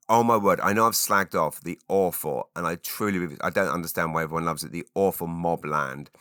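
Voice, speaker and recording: A man with a low voice that has a sharp, bright edge. He chats alone to his listeners, rambling and animated, and breaks into sudden loud exclamations. The sound is dry and close, with no room echo. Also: smooth. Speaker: podcast host. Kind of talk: solo chat answering listener questions.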